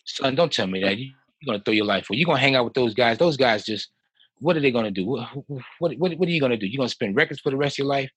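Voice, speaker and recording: A man voicing a stern college coach who lectures a young player, in a husky voice. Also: mid-range voice, animated, very fast, a bit bright, no room sound, voice pushed up. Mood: scolding.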